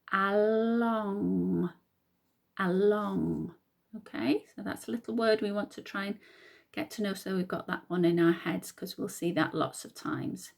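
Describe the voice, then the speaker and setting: A woman teacher reading a picture book aloud to young children, slow and patient, sounding out words. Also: medium pitch, gravelly, darkish tone.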